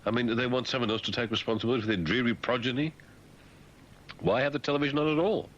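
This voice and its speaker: A man's voice: mid-range voice, fairly even intonation, fast, a bit bright, muffled recording. A man hosting a radio show with satirical commentary, mocking the news and slipping into silly voices. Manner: mocking, puts on silly voices mid-sentence. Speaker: radio host.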